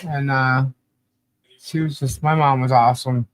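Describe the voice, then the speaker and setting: A woman's voice: a bass voice, steady tone, unhurried. A woman co-hosting a podcast in casual chat, fondly and emotionally reminiscing and laughing often. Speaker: podcast co-host.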